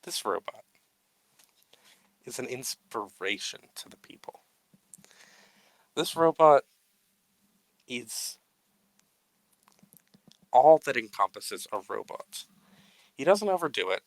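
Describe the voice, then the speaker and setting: A man's voice: mid-range voice, big pitch swings, takes it slowly, long pauses, no room sound, low-quality recording. A man co-hosting a casual, unedited podcast chat. He swears freely, laughs at himself and launches into mock-grandiose tributes. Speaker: podcast co-host.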